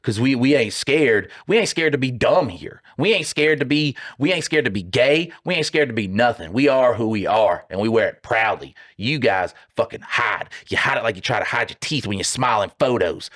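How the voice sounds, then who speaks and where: A man from the United States, co-hosting a podcast in a loud, mocking, heavily profane comedic rant. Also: medium pitch, lively intonation, normal speed, few pauses. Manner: loud, mocking, heavy swearing, puts on silly voices. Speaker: podcast co-host.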